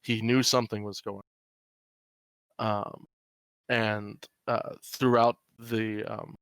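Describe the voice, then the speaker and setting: A man narrating as game master of a tabletop horror game, talking in halting stretches with many fillers. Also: fairly low pitch, little pitch movement, fairly bright tone, clear, resonant tone, no room sound. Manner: halting, full of fillers and restarts.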